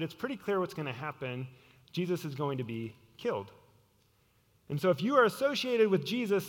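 Earnest preacher in a reverberant hall. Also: male voice, on the high side. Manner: earnest, drops to hushed tones for emphasis. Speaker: pastor. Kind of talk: sermon.

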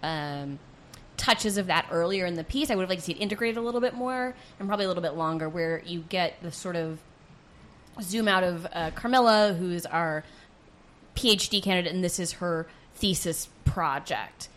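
Female co-reviewer, lower voice, thoughtful, faint noise floor. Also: moderate pace, a bit bright. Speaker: theater reviewer. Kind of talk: casual conversational review.

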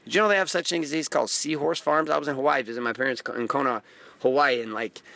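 A man's voice: mid-range voice, quick pace, gravelly, bright, forceful tone. A man giving a blunt, profane motivational talk, hammering phrases by repeating them and acting out the people he quotes. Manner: acts out quoted voices. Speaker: motivational host.

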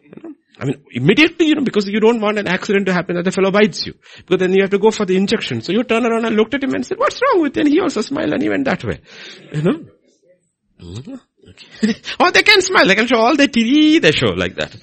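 A middle-aged man preaching a sermon, swinging between loud emphasis and quiet asides. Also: high-pitched, wildly swooping pitch, fast, vocal fry, slightly rough.

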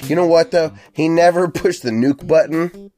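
A man's voice: fairly high pitch, normal speed, warm tone, faint music behind. A man co-hosting a casual podcast, swearing freely and reading out viewer comments. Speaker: podcast co-host. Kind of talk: casual chat.

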